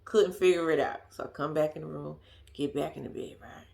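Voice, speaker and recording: A woman's voice: low-pitched, fairly even intonation, fairly quick, vocal fry, a little mellow. A woman vlogger telling a story to her viewers in casual chat, swearing freely and laughing at herself.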